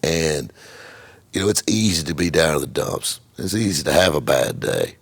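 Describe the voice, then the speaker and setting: Gravelly low-voiced man rambling. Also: big pitch swings, moderate pace, dry recording. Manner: rambling with repeated "just" and profanity. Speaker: car dealer and channel host. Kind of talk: casual storytelling monologue.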